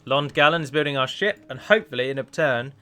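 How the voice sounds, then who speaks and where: A man's voice: medium pitch, expressive, fast, bright, forceful tone. A man casually commenting on his strategy game, thinking aloud and correcting himself. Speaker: let's play host. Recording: faint game music behind.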